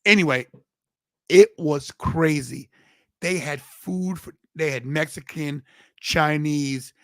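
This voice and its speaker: A man's voice: a little high, slow pace, fairly bright tone, no room sound. A man hosting a podcast in casual chat, telling a rambling story with many restarts and fillers. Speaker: podcast host.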